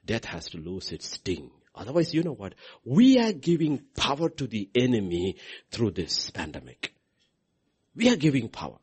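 A man preaching a sermon as pastor, swinging between hushed lines and loud, high outbursts. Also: wildly swooping pitch, normal speed, husky.

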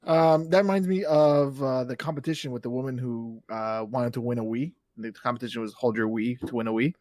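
A man's voice: mid-range voice, fairly even intonation, fairly quick, darkish tone, dry recording. A man from Canada co-hosting a podcast in casual chat, joking and laughing at his own jokes. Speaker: podcast co-host.

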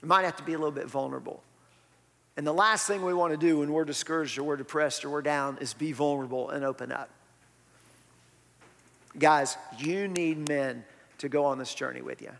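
A pastor preaches a sermon in a church, speaking to the congregation like a friend and firing off rhetorical questions, his words ringing with long hall reverb. His voice is a touch higher than most men's, gravelly and fairly bright, fairly quick with frequent pauses.

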